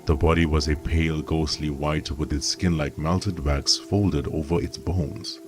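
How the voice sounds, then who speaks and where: Very deep-voiced man narrating horror. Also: steady tone, measured pace, music in the background. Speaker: storyteller.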